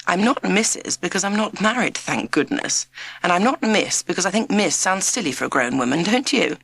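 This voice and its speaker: A woman voicing a quirky modern witch who teaches a school class, in a quiet but firm, brisk storybook voice. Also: lowish voice, animated, creaky, breathy edge, no room sound, full character voice.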